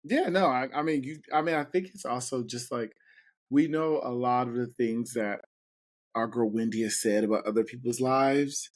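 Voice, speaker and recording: A man's voice: mid-range voice, moderate pace. A man co-hosting a podcast, chatting casually with easy laughter and loose fillers. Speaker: podcast co-host. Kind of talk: casual conversation.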